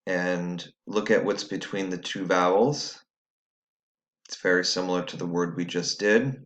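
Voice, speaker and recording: A man's voice: sits low, fairly even intonation, measured pace, fairly bright tone. A man teaching a recorded phonics lesson, patiently explaining step by step to students at home.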